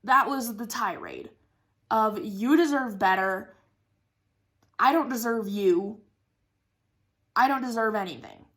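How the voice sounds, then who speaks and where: A young woman with a slightly high voice talks in a loose, rambling way, full of "like" and "um" and quick laughs. It sounds like casual personal chat recorded for a crafting vlog. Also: lively intonation. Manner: rambling, many fillers like "like" and "um", frequent laughs. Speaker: craft vlogger.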